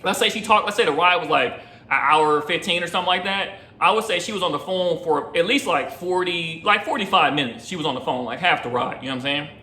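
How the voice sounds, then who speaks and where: A man's voice: on the high side, quick pace, sharp tone, echoey room, slight background noise. A young man, a rideshare driver, telling a rambling, slangy story in casual chat, often asking "you know what I'm saying".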